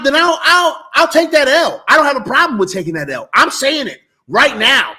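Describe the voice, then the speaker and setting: A man's voice: extremely high pitch, bright, forceful tone. A man co-hosting a sports talk show, arguing his predictions emphatically, repeating words and swearing freely. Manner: emphatic, profane, repeats himself. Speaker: sports podcast co-host. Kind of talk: heated casual sports debate.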